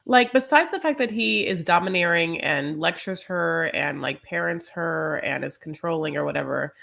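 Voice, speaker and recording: A woman's voice: on the low side, normal speed, vocal fry, a bit bright. Rambling woman podcast co-host. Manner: rambling, lots of "like" and "you know", laughs easily. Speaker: podcast co-host recapping a reality show. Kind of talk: casual chat.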